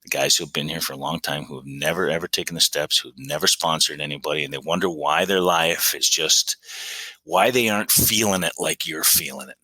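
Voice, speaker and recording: A middle-aged man from Canada, a podcast guest telling recovery stories in an excitable, animated way. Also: very deep voice, brisk, husky, dry recording, poor audio. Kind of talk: recovery story conversation.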